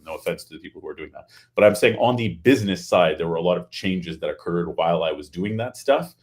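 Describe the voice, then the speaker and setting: Low voiced guy hosting a work webinar, chatty, cracks little jokes. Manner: chatty, joking asides. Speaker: host.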